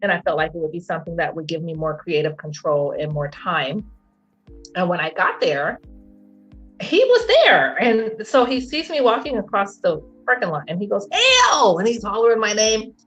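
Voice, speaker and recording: Middle-aged woman guest, low-set voice, storytelling with animated quoted voices, muffled lo-fi line. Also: a little fast. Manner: animated, acts out quotes in a high voice, laughs often. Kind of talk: casual storytelling interview. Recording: dull lo-fi sound with faint music.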